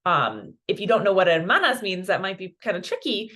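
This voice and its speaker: Encouraging woman Spanish teacher from Colorado, casual lesson talk, ordinary middle pitch. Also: big pitch swings, a little fast, fairly bright tone. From Colorado, USA. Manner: chatty, encouraging, mixes in Spanish words. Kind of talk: online language lesson.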